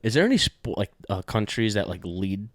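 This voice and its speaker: Young man, podcast co-host, rambling casual chat, lots of filler and swearing, fairly low voice. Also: very animated, brisk, dry recording, studio quality.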